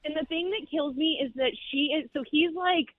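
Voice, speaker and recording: Woman caller, high voice, animated and profane, thin phone-line sound, dry. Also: a little fast, no echo. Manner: animated, swears freely. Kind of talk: casual storytelling. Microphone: phone call.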